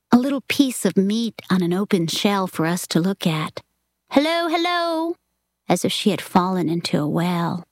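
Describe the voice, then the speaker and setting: A woman reading a story aloud in a soft, often half-whispered delivery. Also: on the low side, slightly rough, dry recording, studio quality. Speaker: reader.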